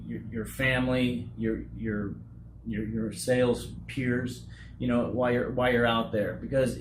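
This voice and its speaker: Brief: earnest man in his forties, stumbling over words, echoey noisy room. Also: medium pitch. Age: 40s. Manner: halting, repeats words, earnest. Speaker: roofing company owner. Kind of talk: candid interview.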